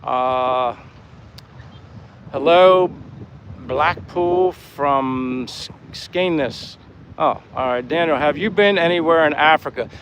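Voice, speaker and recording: A man's voice: fairly high pitch, slow pace, a bit bright, poor audio. Chatty American man on an outdoor walk. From Pennsylvania, USA. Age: 50s. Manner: rambling and friendly, reads chat comments aloud. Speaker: vlogger, live-stream host. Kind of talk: casual live-stream chat while walking. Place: outdoors by the sea in a town. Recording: faint outdoor noise, wind on mic. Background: breeze and faint street and boat sounds.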